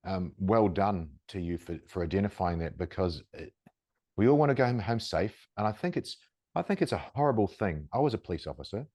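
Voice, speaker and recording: A man's voice: lowish voice, a little mellow, no room sound, clean studio sound. A man hosting a podcast interview, talking in a conversational, rambling way and praising his guest. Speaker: podcast host. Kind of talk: casual interview talk.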